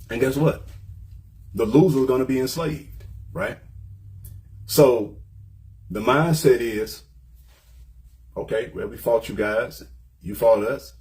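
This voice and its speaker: A man's voice: mid-range voice, darkish tone. A man giving an informal lecture, explaining point by point and often checking in with "right?". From United States. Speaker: commentator.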